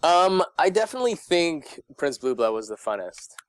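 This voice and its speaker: A man's voice: fairly high pitch, very animated, normal speed, dry recording. A man who works as a voice actor, chatting as an interview guest and telling stories with laughter and sudden jumps in his voice. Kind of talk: casual interview chat.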